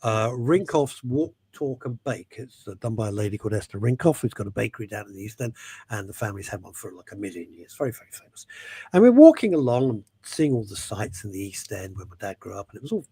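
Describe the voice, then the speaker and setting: A man's voice: lowish voice, very animated, quick pace, dark tone, husky, no echo. A man from England hosting a radio show, chatting in a jokey, rambling, self-mocking way.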